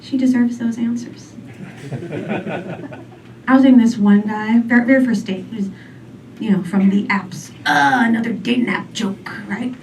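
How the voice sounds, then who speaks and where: A woman in her forties doing a stand-up comedy set, rambling and deadpan, full of "um" and "like". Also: a little high, normal speed, pauses often. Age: 40s. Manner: rambling, filler-heavy, deadpan. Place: comedy club stage. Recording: distant mic with faint room noise.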